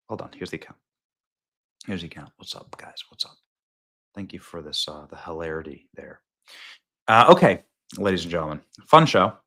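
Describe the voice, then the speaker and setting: A man in his thirties hosting a political commentary show, excitable and mocking, and he laughs often. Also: low voice. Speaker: host.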